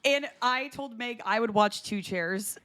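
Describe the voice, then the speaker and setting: A woman's voice: a little high, measured pace. Giggly woman telling spooky stories. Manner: giggly, animated storytelling. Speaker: podcast co-host. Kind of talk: casual watch-party chat.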